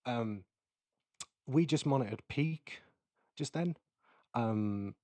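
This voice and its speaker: A man giving a casual, explanatory keynote while demonstrating audio software, with many fillers. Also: mid-range voice, slow, no echo. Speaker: keynote presenter. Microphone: close mic into recording software.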